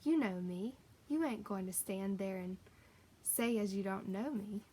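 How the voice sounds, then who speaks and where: A woman's voice: medium pitch, a little slow, mellow, a little hiss or hum, close to an everyday voice. A woman voicing a plain-spoken working man, a cab driver who talks in homely dialect. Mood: friendly. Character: rough-spoken working man, a London cabby.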